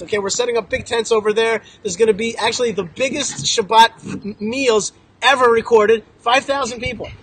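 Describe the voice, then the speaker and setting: A man's voice: high voice, fairly bright tone, breathy edge, low-quality recording. A man speaking outdoors to a visiting group, telling stories with emphatic, joking, punchy repetition. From Israel. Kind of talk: animated storytelling talk to a group. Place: outdoors in a town.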